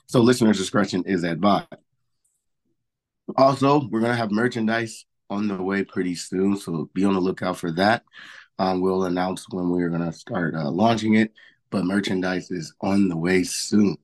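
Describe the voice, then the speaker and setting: A man co-hosting a podcast in a casual, rambling way, his voice hoarse and cracking, with many fillers. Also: lowish voice. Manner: rambling, filler-heavy, repeats himself. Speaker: podcast co-host. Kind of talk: casual podcast intro chat.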